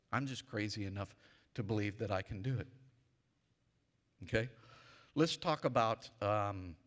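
A man pastor preaching a sermon emphatically, leading his church in call-and-response. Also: fairly low pitch. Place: church sanctuary. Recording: long reverb of a church hall.

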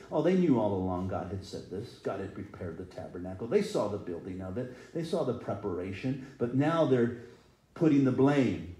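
A man's voice: mid-range voice, normal speed, dark tone, echoey room, rough recording. A middle-aged man preaching a sermon earnestly, sometimes acting out people's cries. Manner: earnest, rises and falls in intensity, acts out quoted cries. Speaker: pastor. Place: church sanctuary.

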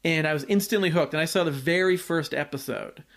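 A man's voice: a little high, a little fast, a bit bright. Rambling, laid-back man in his forties. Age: 40s. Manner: rambling, full of likes and restarts, laughs easily. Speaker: podcast co-host. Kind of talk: casual chat.

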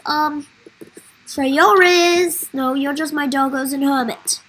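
A woman's voice: high-pitched, unhurried, fairly bright tone, rough recording. A woman hosting a casual game playthrough, speaking straight to her viewers in a melodramatic way. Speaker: gaming channel host. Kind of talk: casual let's-play commentary.

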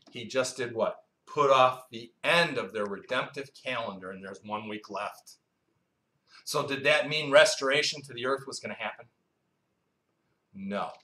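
Male preacher, mid-pitched, conversational Bible teacher who quizzes the room; roomy, echoey recording. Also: pushed and bright. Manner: quizzes the congregation, asks and answers its own questions; conversational, with asides and storytelling. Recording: roomy echo.

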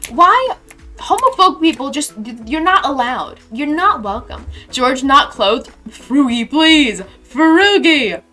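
A young woman streaming a game, chatting casually and reading her chat aloud with sudden excited squeals. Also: high voice.

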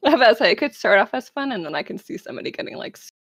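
A woman's voice: a little high, big pitch swings, racing, fairly bright tone, no room sound, studio quality. A woman guest on a gaming podcast, chatty and giggly in casual conversation. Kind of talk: casual chat.

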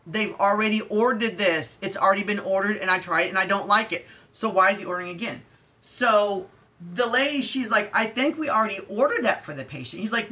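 A woman retells a frustrating appointment in a casual vlog rant, acting out the back-and-forth argument. Her voice is bright and forceful at a middle pitch. She talks loosely, with fillers and restarts. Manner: exasperated, animated retelling with quoted dialogue. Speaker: vlogger. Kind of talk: storytime rant.

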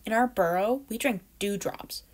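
A woman's voice: normal speed, natural voice. A woman voicing a stubborn little boy chipmunk. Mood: childish. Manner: high, childish, eager.

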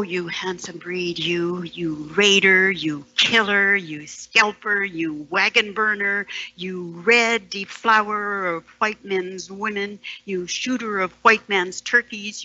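A woman performing a poem as a storyteller, sardonic and dropping into hushed whispered asides. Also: mid-range voice, lo-fi sound. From Canada, Ontario. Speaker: storyteller and poet. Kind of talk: dramatic poetry performance.

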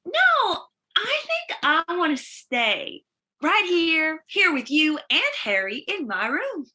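A woman's voice: sits high, sing-song, slow pace, pushed and bright, full character voice. An actress playing a drunk, giddy young Southern college woman with a Georgia accent, slurring and combative in a livestreamed stage play. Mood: drunk angry. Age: young adult.

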